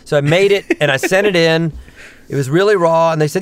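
A man, a voice actor and stand-up comedian, telling animated stories and slipping into character voices. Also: fairly high pitch, smooth, dry recording. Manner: lively storyteller, quick jumps into character voices. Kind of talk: animated anecdotes with voice impressions.

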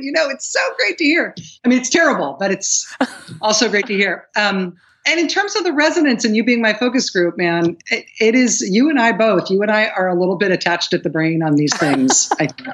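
A woman podcast host, a guest on a news show, talking enthusiastically and fast over a remote link. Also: on the high side, animated, a bit bright. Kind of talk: interview conversation.

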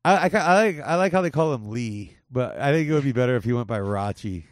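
A man's voice: medium pitch, lively intonation, quick pace, darkish tone, smooth, no room sound, clean studio sound. Profane, joking young man hosting a podcast. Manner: profane, jokey, rambling. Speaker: podcast host. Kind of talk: casual chat.

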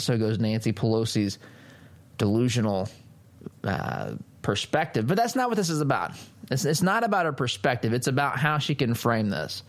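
A man delivers a political commentary monologue as a talk show host. His pitch sits in the ordinary middle range. He talks emphatically, leans on sarcasm, and keeps turning to his listeners directly.

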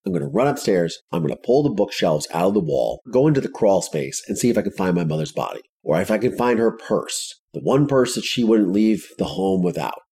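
A man's voice: lowish voice, dark tone, husky. Blunt, intense man telling his story. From Ohio. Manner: intense, blunt, swears freely. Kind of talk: first-person storytelling.

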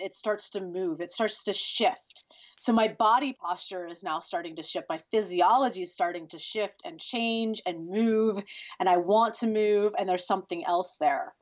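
A woman in her forties, a sex educator answering interview questions in an animated, breathy way and laughing easily. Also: mid-range voice, highs cut off. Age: 40s.

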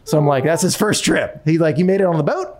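A man recounts a personal story in relaxed conversation. His delivery is animated, full of stumbles, restarts and repeated phrases as he pushes the story forward. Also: a little high, fast talker, crowd noise. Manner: animated, with frequent restarts and repetitions.

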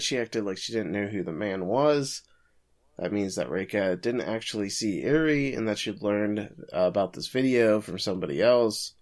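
A man co-hosting a podcast, casually recapping an anime episode with frequent chuckles. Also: fairly low pitch. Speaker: podcast co-host.

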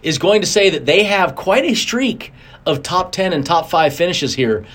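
A middle-aged man talking as a racing guest in a relaxed interview, his voice sitting a little high for a man. He tells stories with lots of animation, leaping up in pitch whenever he acts out what someone said. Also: moderate pace. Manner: animated, acts out quotes with big pitch jumps. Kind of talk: casual interview storytelling.

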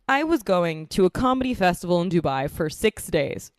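A woman's voice: lowish voice, fairly quick, no room sound, clean studio sound. A young woman hosting a podcast, chatting casually from her living room and laughing often as she tells stories. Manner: animated storyteller, laughs often. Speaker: true crime podcast host. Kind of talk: casual chat. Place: apartment living room at home.

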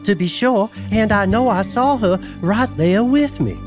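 A man's voice: sits high, expressive, a little slow, music in the background, pitched above the performer's own voice. A man voicing an earnest Southern woman testifying in a courtroom reenactment, in a put-on Southern drawl.

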